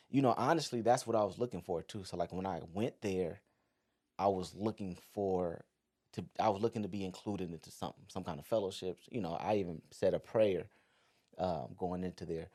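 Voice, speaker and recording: A man in his thirties hosting a podcast, telling a personal story in a relaxed, conversational way, full of "like" and "you know". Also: sits low, fairly quick. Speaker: podcast host. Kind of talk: casual storytelling.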